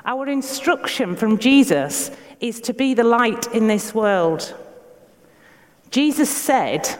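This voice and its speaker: A woman with a Yorkshire accent giving an earnest, measured sermon in a church, asking her listeners questions. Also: on the high side, animated, in a large hall. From Yorkshire, England. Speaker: preacher.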